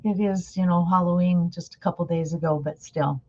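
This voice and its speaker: A woman's voice: lowish voice, fairly even intonation, moderate pace, mellow, muffled recording. A woman giving a casual webinar talk over a video call, chatty and often asking her listeners questions. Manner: chatty, asks the audience questions. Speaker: conference presenter.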